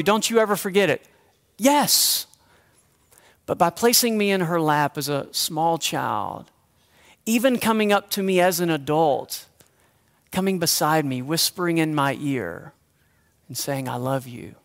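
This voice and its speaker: A man preaching a sermon as a pastor, talking with the congregation in a conversational, joking way and dropping his voice to a hush for emphasis. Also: sits high. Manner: drops to a hushed near-whisper for emphasis, then lifts again. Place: church sanctuary.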